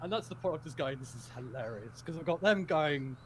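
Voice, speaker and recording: A man's voice: fairly high pitch, expressive, fairly quick, few pauses, slight background noise. A man telling a rambling, giggly story in casual chat.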